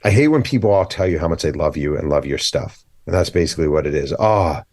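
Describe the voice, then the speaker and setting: A man, an author guest on a podcast, telling animated stories, acting out quoted dialogue and speaking bluntly. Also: extremely low pitch, fast talker, no room sound. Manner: blunt, opinionated. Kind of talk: casual podcast interview.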